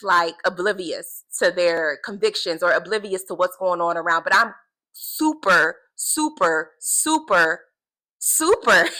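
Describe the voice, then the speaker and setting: A woman talking to camera in a casual faith vlog, earnest and animated, repeating words for emphasis. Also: mid-range voice, rough recording. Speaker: vlogger keeping a video journal.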